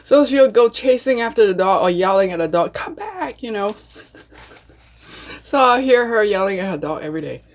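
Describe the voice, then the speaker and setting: A woman hosting a mukbang, chatting casually between bites with relaxed, unhurried murmurs of enjoyment. She talks from her home apartment. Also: mid-range voice, slight background noise. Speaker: mukbang host. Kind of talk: casual ASMR eating chat.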